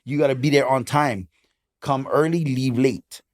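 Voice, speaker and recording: Man, fifties, hawaiian english accent, medium pitch, animated and emphatic, casual interview guest. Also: moderate pace. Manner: animated storyteller, lively and emphatic. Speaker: guest, DJ and club promoter.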